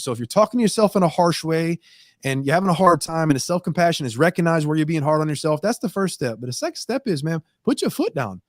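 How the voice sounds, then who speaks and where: A man's voice: fairly high pitch, no echo, studio quality. A man hosting a talk show segment, speaking in an earnest, emphatic, plain-spoken way about how people talk to themselves.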